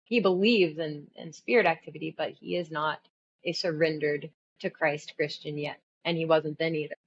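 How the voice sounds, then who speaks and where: A middle-aged woman giving an earnest, animated personal testimony, telling her story with bursts of alarm. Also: sits low, normal speed, highs cut off, a little hiss or hum. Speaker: testimony speaker.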